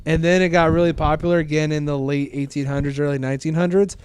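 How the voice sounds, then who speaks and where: A man's voice: on the high side, flat delivery, quick pace, a little mellow, slight background noise. A man hosting a casual podcast chat, rambling and correcting himself as he goes. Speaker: podcast host.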